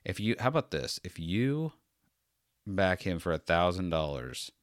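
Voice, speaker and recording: A man's voice: low-pitched, very animated, measured pace, dry recording, clean studio sound. Tired, rambling male podcast host. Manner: self-deprecating, sarcastic, meandering. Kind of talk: rambling solo podcast talk.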